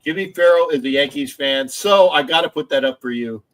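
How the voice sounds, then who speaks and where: Higher-voiced rambling male stream host. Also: brisk, a bit bright, rough recording. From Philadelphia area. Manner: rambling, restarts often, swears. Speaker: livestream host. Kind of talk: casual sports chat.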